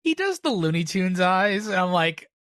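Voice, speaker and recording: A man's voice: high-pitched, very animated, moderate pace, fairly bright tone, no room sound, clean studio sound. A man chatting casually as a podcast guest, making joking asides and laughing often. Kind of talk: casual chat.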